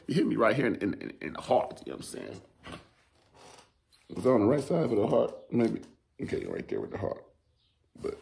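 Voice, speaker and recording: A man talking battle rap in a loose, hyped-up commentary. His pitch leaps all over, rising and falling with his excitement. He rambles, uses plenty of slang, and keeps jumping from one thought to the next. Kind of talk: casual hype commentary.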